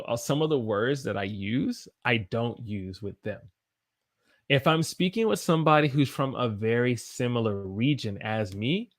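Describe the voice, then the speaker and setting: On a livestream, a man from the Southern US gives a relaxed English lesson in his Southern accent, reading out viewer comments and showing how he talks. He has a mid-range voice, and the recording is dry and studio quality.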